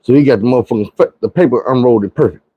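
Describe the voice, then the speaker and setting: A man telling a long, profane, slang-heavy story from his youth in a lively, animated way. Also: mid-range voice, racing, breathy edge, lo-fi sound. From Arkansas. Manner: animated, slangy, acts out quoted friends.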